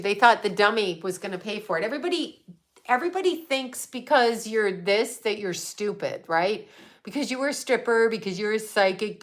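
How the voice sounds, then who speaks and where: A middle-aged woman, a psychic hosting a casual livestream, answers viewer comments bluntly and swears freely. Her voice is mid-range and a bit bright.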